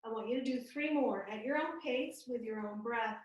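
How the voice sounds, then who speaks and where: A woman guiding a yoga class over a video call, giving gentle, calm and soothing step-by-step cues. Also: a little high, moderate pace, distant mic. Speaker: yoga instructor. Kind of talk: guided yoga class instruction. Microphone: computer mic on a video call. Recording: echoey video call audio from off-mic.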